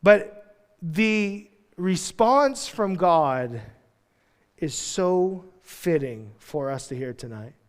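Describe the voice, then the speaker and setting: A man's voice: high voice, animated, drawn-out words, in a large hall. A male pastor preaching a sermon in a casual, joking manner, full of slangy asides. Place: church.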